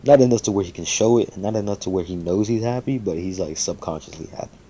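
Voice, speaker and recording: A man's voice: low-pitched, quick pace, dark tone, slight background noise. A man casually making up and telling a fan story, rambling with lots of fillers and swearing freely.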